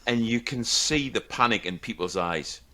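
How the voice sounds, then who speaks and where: A man co-hosting a casual podcast, chiming in with short agreements and the odd quick anecdote. His voice is at an ordinary middle pitch. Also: lively intonation, sharp tone. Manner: brief affirming replies, anecdotal. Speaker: podcast co-host. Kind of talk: casual chat.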